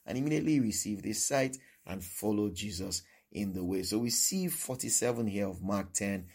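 A man's voice: fairly low pitch, lively intonation, moderate pace, darkish tone. A male preacher giving a sermon who repeats his points and keeps asking "all right?".

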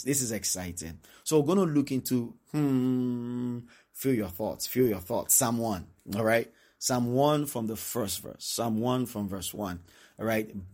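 A man preaching a sermon, reading scripture slowly and breaking into quick acted-out asides. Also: medium pitch, a little mellow. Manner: reads scripture slowly, then talks fast with many asides.

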